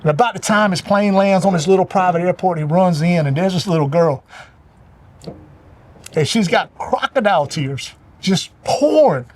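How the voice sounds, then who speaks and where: A man's voice: high voice, animated, normal speed. A middle-aged man telling an earnest, preacher-like parable as a motivational talk. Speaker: show regular giving a motivational talk.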